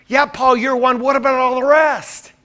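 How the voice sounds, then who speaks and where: A man's voice: very high-pitched, level tone, moderate pace, bright, forceful tone. A man teaching a Bible class, quizzing his listeners with questions and then answering them himself.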